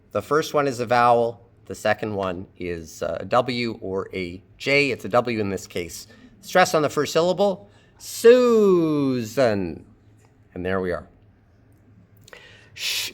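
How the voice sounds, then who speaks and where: A man teaching a phonetics lesson, explaining pronunciation patiently and thinking aloud as he goes. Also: medium pitch. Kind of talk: phonetics lecture.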